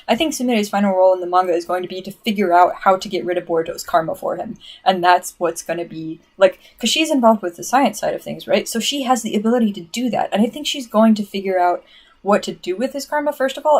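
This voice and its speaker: Chatty excitable woman ranting casually. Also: mid-range voice. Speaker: streamer answering chat. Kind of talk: casual livestream rant.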